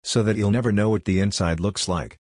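Man doing a guarded mother laying down the law, deep and husky. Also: fairly quick, darkish tone, no echo, clean studio sound, close to an everyday voice. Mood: stern. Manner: firm, secretive. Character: stern protective mother, guarded and firm.

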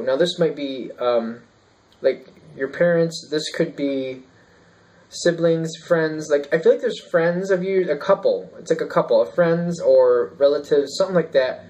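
A man with a somewhat high voice talks through a tarot reading in an easy, casual way. He rambles as he thinks aloud, with plenty of ums and restarts. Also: a little mellow, low-quality recording. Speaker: tarot reader.

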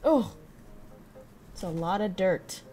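Slow-talking young woman streamer chatting. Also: medium pitch, expressive, warm tone, slight background noise. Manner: chatty, thinks aloud, talks to chat. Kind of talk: casual livestream chat while crafting.

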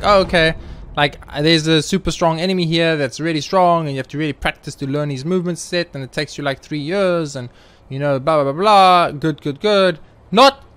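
Profane young man ranting over gameplay. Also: on the high side. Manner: profane, ranting, quick to shout in frustration. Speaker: let's play gamer. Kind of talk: gaming commentary. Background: faint game music.

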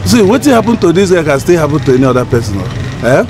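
A man's voice: on the high side, very animated, fast. An actor playing a sympathetic male motorcycle taxi rider who speaks with a Nigerian Pidgin accent. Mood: defending. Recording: film audio with music.

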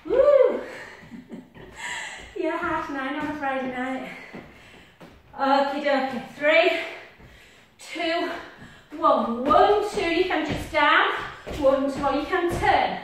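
A woman's voice: sits high, takes it slowly, long pauses, a bit bright. Woman, fitness instructor, upbeat rep counting, very echoey distant recording. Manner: upbeat, counting out reps with whoops. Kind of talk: leading a workout class. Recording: echoey distant room with noise.

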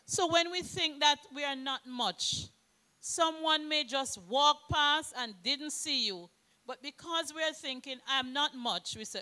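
Woman preacher, high bright voice, deliberate emphatic sermon delivery. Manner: slow, emphatic preaching with scripture readings.

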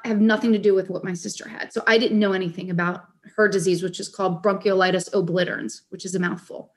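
Heartfelt woman in her forties. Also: mid-range voice. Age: 40s. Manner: earnest, heartfelt storytelling. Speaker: guest, caregiver advocate and author. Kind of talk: casual podcast conversation.

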